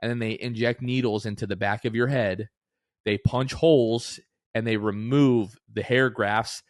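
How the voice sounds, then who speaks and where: A man's voice: medium pitch, a little slow, dry recording, clean studio sound. A man in his late twenties co-hosting a casual podcast, telling stories and acting out what others said. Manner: animated storyteller, acts out quotes. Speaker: podcast co-host. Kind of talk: casual chat.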